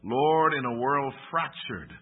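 A man preaches with emphatic, impassioned delivery, his voice swelling and then dropping low for weight. His tone is husky and breathy. The recording is thin and narrow, like a phone line. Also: expressive. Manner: impassioned, rising and falling, emphatic pauses. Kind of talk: sermon and closing prayer. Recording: thin phone-like sermon audio.

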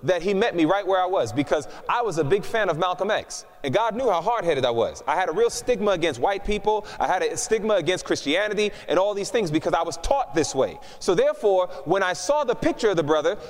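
A man preaching a testimony sermon, a lively storyteller who acts out the dialogue. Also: high-pitched, brisk, few pauses, big-room sound.

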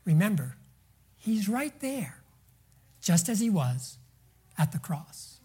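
Husky, expressive woman preaching a sermon. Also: mid-range voice. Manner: dramatic swings between soft, near-whispered lines and loud emphasis; slow, drawn-out words for emphasis.

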